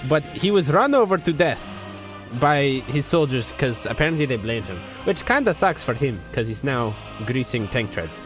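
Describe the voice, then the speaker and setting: A man putting on a fake Russian accent as a bumbling, proud Soviet newsreader, speaking loud and cheerful in broken English. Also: mid-range voice, big pitch swings, normal speed, music in the background, pitched below the performer's own voice, lightly acted. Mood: proud deadpan. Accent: put-on Russian.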